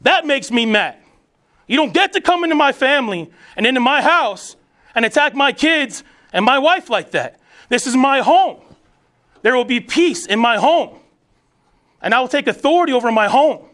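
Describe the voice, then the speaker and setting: A man around forty, a veteran, delivers an emphatic motivational speech to soldiers in a notably high voice. He speaks in bold, preacherly declarations. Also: animated, normal speed, a bit bright.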